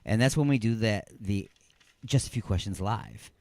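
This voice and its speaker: A middle-aged man hosting a call-in radio show from a studio, joking and rambling excitedly. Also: on the low side, moderate pace, vocal fry, dry recording. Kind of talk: casual call-in radio chat.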